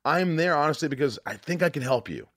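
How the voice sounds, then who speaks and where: A man's voice: on the high side, expressive, fast talker, fairly bright tone, no echo. A man hosting a podcast in casual chat, talking earnestly and profanely with many restarts, on a studio mic. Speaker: podcast host.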